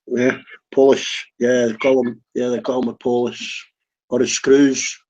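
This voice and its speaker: A man's voice: mid-range voice, little pitch movement, moderate pace, darkish tone, muffled recording. A man in casual phone chat, dry and teasing, swearing casually.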